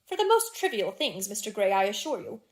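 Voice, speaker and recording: A woman reading the part of a lively young duchess in a classic novel, chatting in playful society banter. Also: medium pitch, fairly quick, lightly acted. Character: lively, teasing young aristocratic Victorian duchess.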